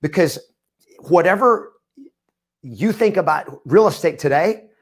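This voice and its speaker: A man's voice: high voice, lively intonation, measured pace. A middle-aged man presenting a live training webcast as a real estate coach, with emphatic, repetitive, punchy delivery. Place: studio.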